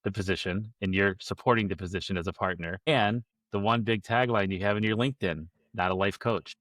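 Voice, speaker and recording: Man, host, low voice, wry, deadpan humor, dry close recording. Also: a little fast, no echo. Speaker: podcast host. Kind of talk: interview questions.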